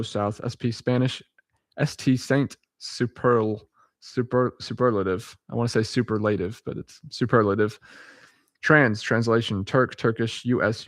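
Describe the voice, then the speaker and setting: In a casual vlog, a male vlogger reads dictionary abbreviations aloud letter by letter, often chuckling, correcting himself, and drifting into rambling asides. His voice is medium-pitched and the recording is dry.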